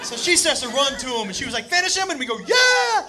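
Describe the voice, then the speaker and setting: A male stand-up comedian telling a profane story on a club stage, animated and acting out the people in it. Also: very high voice, racing. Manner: animated, profane, acts out characters. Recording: noisy live club recording with loud crowd. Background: loud audience laughter.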